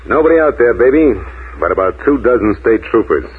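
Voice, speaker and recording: A man's voice: mid-range voice, expressive, fairly quick, a little hiss or hum, lightly acted. An actor playing a cocky, ruthless male gangster in a 1940s radio play, taunting in clipped slang. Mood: gloating. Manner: taunting, clipped slang with repeated "see?" and "baby". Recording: tinny old radio broadcast.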